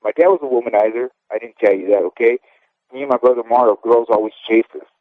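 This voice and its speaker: A fast-talking man in his fifties, once a boxer, rambles candidly through memories as a guest in a casual phone interview. His middle-pitched voice comes over a thin, dry, close-sounding line, and he keeps tossing in "okay?" to check on the listener.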